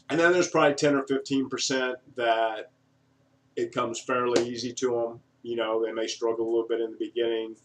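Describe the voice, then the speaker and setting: Man, video monologue, animated, eccentric, mimics excited buyers, slightly off-mic. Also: fairly low pitch, far from the mic, slight background noise. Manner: self-described eccentric. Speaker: online marketing reviewer.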